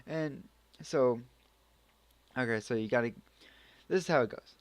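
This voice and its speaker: Male amateur reviewer, unhurried, loose and rambling delivery. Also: medium pitch, clean tone, no echo. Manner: rambling, full of restarts and acted reactions. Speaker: anime reviewer. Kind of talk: casual spoken review.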